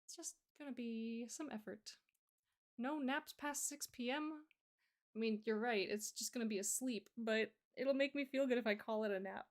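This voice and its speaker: A woman's voice: on the high side, brisk, few pauses. A woman streamer chatting casually and rambling as she answers her chat, sleepy and yawning. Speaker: artist streamer.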